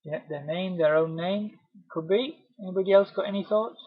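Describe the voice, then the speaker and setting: A man's voice: sits high, moderate pace, breathy edge, no room sound, phone-quality sound. Chatty man leading a sales webinar. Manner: chatty, reassuring, acts out doorstep greetings. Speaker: webinar presenter. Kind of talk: casual training webinar.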